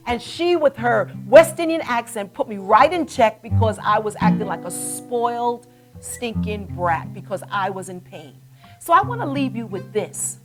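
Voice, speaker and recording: A woman in her forties hosting a web talk show, telling a motivational story in an animated, dramatic way. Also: mid-range voice, normal speed, faint music behind. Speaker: host.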